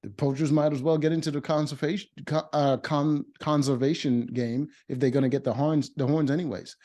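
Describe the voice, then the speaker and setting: Man, mellow tone, casual show recap, blunt opinions, lots of uhs and restarts. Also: fairly high pitch, fairly even intonation, a little fast. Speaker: reality show reviewer.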